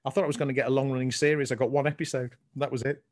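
A man with a Scouse accent co-hosting a casual podcast chat, telling stories in a chatty, animated way. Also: mid-range voice, very fast. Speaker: co-host.

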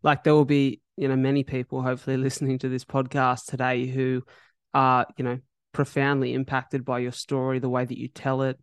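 A male podcast host with a smooth, resonant voice and a very level, even delivery. He asks careful, soft-spoken questions and fills his pauses with "you know." The sound is close and dry. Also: medium pitch, dry recording. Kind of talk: gentle interview questions.

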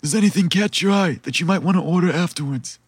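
A man narrating as game master in a relaxed, chatty, laid-back way. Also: on the high side, fast, breathy edge, no room sound.

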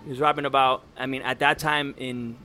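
Relaxed man telling stories, casual. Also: mid-range voice, brisk. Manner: relaxed storytelling with fillers. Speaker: podcast guest, rapper. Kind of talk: casual conversation.

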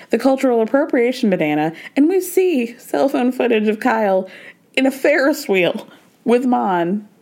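A woman's voice: a little high, darkish tone. A woman hosting a podcast, recapping a reality show in casual, gossipy chat and slipping into quoted voices. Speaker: podcast host.

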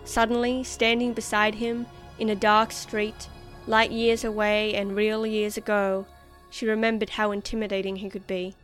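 Woman narrating a story over faint music. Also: mid-range voice. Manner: measured, expressive storytelling. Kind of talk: scripted narration.

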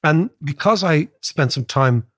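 A man co-hosting an economics podcast, telling stories in an animated conversational way. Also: on the high side, unhurried, breathy edge, dry recording, studio quality. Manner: animated, storytelling, frequent tag "right?".

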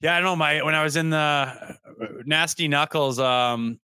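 A man's voice: fairly high pitch, normal speed, clear, resonant tone, no echo. A man co-hosting a casual sports podcast, talking loosely and swearing as he tells stories. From Canada. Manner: loose, swearing, storytelling with animated quoted voices. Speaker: podcast co-host.

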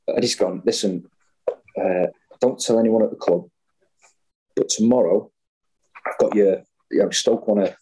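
Man with a dark, husky voice telling stories. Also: fairly low pitch, low-quality recording. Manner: animated anecdote-telling, acting out others' voices. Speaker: guest storyteller. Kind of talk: casual chat.

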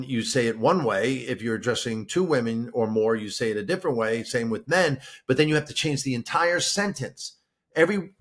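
A man of ordinary pitch talks casually as a podcast co-host. He explains things at length and often repeats words while finding his way. His tone stays relaxed and conversational. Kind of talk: casual chat.

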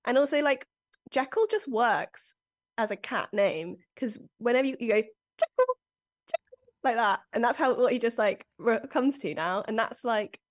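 Giggly young woman, chatty guest. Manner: animated, giggly, slips into high cooing cat voice. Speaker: comedian guest. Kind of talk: casual podcast chat.

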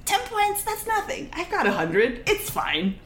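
A woman's voice: extremely high pitch, wildly swooping pitch, a little slow, a bit bright, pitched above the performer's own voice, heavily acted. A woman voicing a flustered young male cultivation master who keeps yelping in exasperation and breaking into laughter. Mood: exasperated. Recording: echoey room, faint noise.

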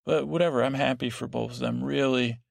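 A man's voice: mid-range voice, fairly even intonation, fairly quick, gravelly, no echo, studio quality. A man hosting a sleep podcast, recapping a show in a meandering, drowsy way full of restarts and fillers. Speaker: podcast host.

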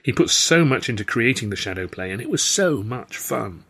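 A man voicing a soft, sympathetic young woman performer who speaks with quiet sighs. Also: medium pitch, animated, moderate pace, creaky, slightly rough, full character voice. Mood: wistful. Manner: soft, sighing.

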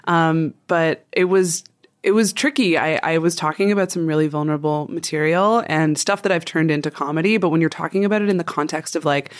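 A woman comedian giving a chatty, self-deprecating recorded message, laughing as she talks. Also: on the low side.

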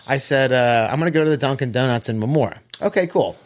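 A man telling a long story in casual chat, animated, swearing and acting out quoted dialogue. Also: medium pitch, fast.

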